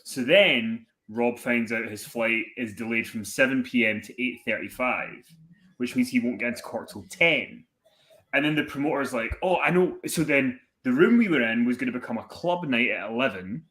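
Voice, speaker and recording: A young man, a podcast guest, telling animated, sweary stories and acting out the people in them. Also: medium pitch, moderate pace. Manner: animated, swearing, acts out the voices in his anecdotes. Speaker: podcast guest, wrestling commentator. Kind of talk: casual storytelling chat.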